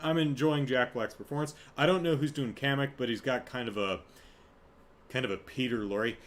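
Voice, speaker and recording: A man's voice: medium pitch, moderate pace. A man hosting a podcast, chatting casually and rambling through a review, breaking off to laugh and act out quotes. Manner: rambling, self-interrupting, laughs, acts out quotes. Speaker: podcast host. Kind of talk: casual solo review chat.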